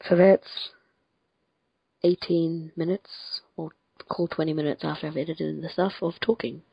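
Gravelly, husky young woman from France. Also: sits low, steady tone, a little slow, mellow, dry recording, poor audio. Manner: rambling, self-correcting, laughs often. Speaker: podcast host. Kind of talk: casual chat. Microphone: home computer mic on a Skype call.

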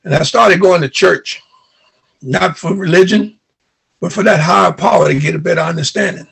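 An older man from New York recounting childhood memories as an interviewee, an animated storyteller who acts out remembered dialogue. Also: sits high, moderate pace, creaky, slightly rough.

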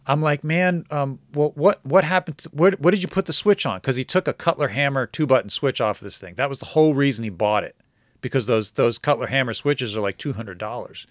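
A man casually telling a long story on a podcast, acting out the other people's lines and getting excited at the twist. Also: medium pitch, fairly quick, no echo, clean studio sound. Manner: animated, quotes others in dialogue, gets excited.

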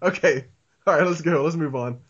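Guy rambling on a podcast, lots of likes, kinda high voice, muffled lo-fi sound. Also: moderate pace, fairly bright tone, slightly rough. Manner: rambling, lots of "like" fillers, laughs often. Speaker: podcast host. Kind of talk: casual chat. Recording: dull lo-fi audio.

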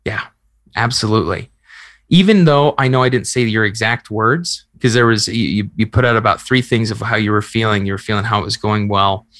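A man who hosts a podcast and works as a relationship coach speaks fairly quickly in a low, slightly bright voice, with no echo. He coaches conversationally and earnestly, acting out examples to explain his ideas.

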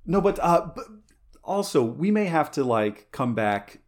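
This podcast host speaks a little slowly in a fairly high voice with big pitch swings. Chatting casually, he's eager and meandering, often using fillers and starting over.

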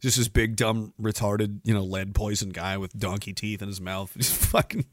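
A Canadian man hosts a livestream podcast, ranting sarcastically to viewers with heavy swearing and frequent laughter. His voice is fairly low and steady, delivered at a moderate pace, with slight background noise.

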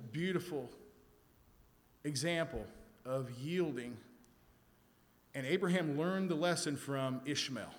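A man leading a Bible study, reading scripture aloud and then explaining it with emphasis. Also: on the high side. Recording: echoey hall with faint ambience.

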